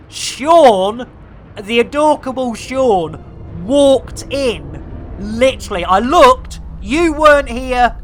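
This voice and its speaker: Cheeky man with lively, bright chatter. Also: high-pitched, slight background noise. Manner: bawdy, theatrical, rambling banter. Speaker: game streamer. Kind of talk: cheeky live-stream chat.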